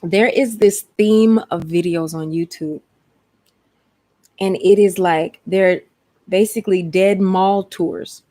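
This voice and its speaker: Chatty woman host with a low voice. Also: fairly even intonation, takes it slowly, mellow. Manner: rambling, chatty, talks straight to viewers. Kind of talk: casual livestream chat.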